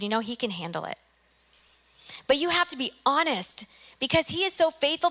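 A woman's voice: on the high side, pushed and bright. A middle-aged woman pastor preaching a sermon, emphatic and exhorting, often repeating phrases for effect.

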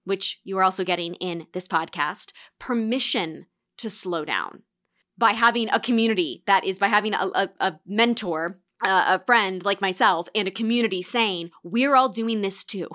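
A woman's voice: mid-range voice, moderate pace, sharp tone. A woman hosting a reflective solo podcast, coaching listeners in an encouraging tone and reading student quotes aloud. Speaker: podcast host and course mentor.

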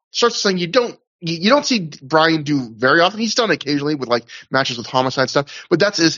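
A man's voice: a little high, fairly bright tone, dull audio. A man co-hosting a casual podcast, rambling through a wrestling show review with lots of fillers and restarts. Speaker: podcast co-host.

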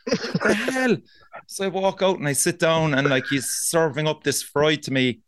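A man's voice: a little high, moderate pace, clear, resonant tone, no echo. Sweary Cork Irishman telling a story. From Ireland. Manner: swearing, animated anecdote-teller. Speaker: podcast host. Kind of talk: casual storytelling chat.

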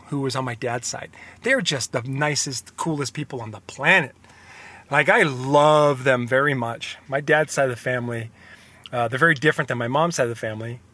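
A man's voice: medium pitch, pushed and bright. A young man hosting a podcast, talking in an earnest, rambling, confessional motivational monologue. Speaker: podcast host.

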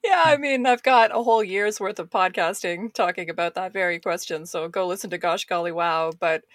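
A woman's voice: on the low side, brisk, no echo. A woman joins a podcast as a guest and talks about comics with analytical enthusiasm. Her speech is loose and full of fillers, and the recording sounds dry and close. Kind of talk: casual podcast discussion.

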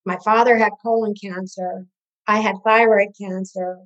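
Older woman with a flat, hesitant voice. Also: medium pitch, moderate pace, highs cut off. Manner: hesitant, lots of ums. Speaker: guest. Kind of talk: personal story in an interview.

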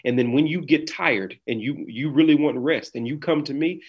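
A man's voice: medium pitch, moderate pace, husky, dull audio. A man speaking as a podcast guest with an earnest, sermon-like cadence, talking from a small room over a video call. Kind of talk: preaching in conversation.

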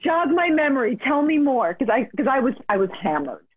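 A man's voice: very high voice, sing-song, brisk. A man hosting a casual chat, asking his guests questions. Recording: tinny phone-like sound.

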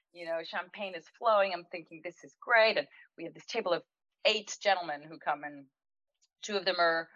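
A woman who owns a restaurant, telling an anecdote in a chatty, animated way, laughing now and then and using lots of fillers. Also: lowish voice, dry recording. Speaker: restaurant owner. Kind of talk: anecdotal storytelling in conversation. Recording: dull lo-fi, dry sound.

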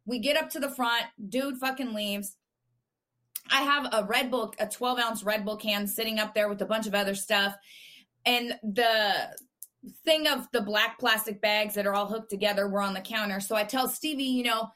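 A woman podcast co-host telling a profane, animated story in casual chat. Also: on the high side, moderate pace.

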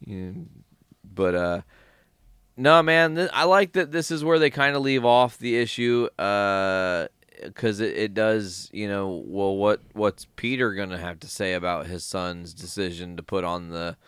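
A man hosting a podcast in casual chat, animated and profane, often acting out quoted lines. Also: lowish voice, measured pace, smooth, no echo. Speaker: podcast host.

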